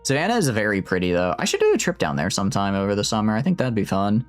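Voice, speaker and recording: A man streaming a strategy game, chatting in an animated, rambling, self-mocking way. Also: fairly low pitch, rapid-fire, soft background music. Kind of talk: casual gameplay commentary.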